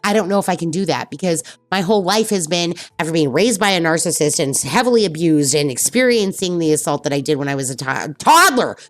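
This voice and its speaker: A woman's voice: sits low, animated, fast, few pauses, no echo, faint music behind. A woman streamer talking candidly and bluntly in casual chat, swearing freely and repeating herself for emphasis. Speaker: streamer host. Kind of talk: casual personal talk.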